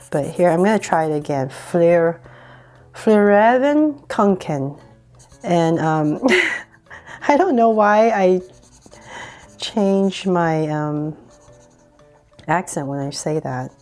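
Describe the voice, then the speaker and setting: A woman's voice: low voice, dark tone. A woman hosting a casual drawing tutorial, chatty and giggly, often saying um and poking fun at herself. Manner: chatty, giggly, self-deprecating, many ums.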